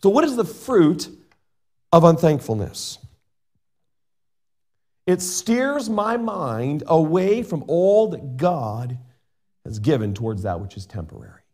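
Earnest preaching man, slightly high voice. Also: very animated, slow pace, pauses often. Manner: earnest preaching, shifting between loud emphasis and soft asides. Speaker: pastor. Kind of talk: sermon with scripture reading.

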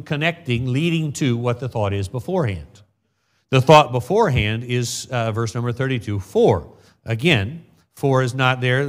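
Male pastor, middle-aged, from the US, sermon, folksy storytelling, slow scripture reading, mid-pitched voice. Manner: reads scripture slowly, then tells folksy personal stories.

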